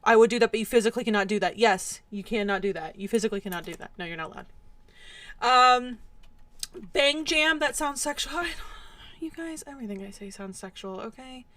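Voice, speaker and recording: Young female streamer, high-pitched and hoarse, ranting at chat in exasperated mock anger. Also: brisk, fairly bright tone, no room sound. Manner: mock-angry, exasperated, laughing rants at chat. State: hoarse, voice cracking from yelling. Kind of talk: casual live-stream chat with viewers.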